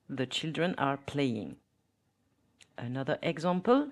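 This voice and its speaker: A woman's voice: deep voice, very animated, slow, a little mellow. A woman with a French accent teaching a podcast language lesson, modelling words carefully for listeners to repeat.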